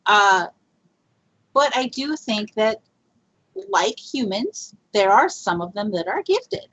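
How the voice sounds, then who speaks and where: A woman's voice: medium pitch, big pitch swings, slow pace, a bit bright. A woman guest telling a Bigfoot research story in a rambling, chatty way, with fillers and laughs. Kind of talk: casual storytelling in a podcast interview. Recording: lo-fi muffled audio.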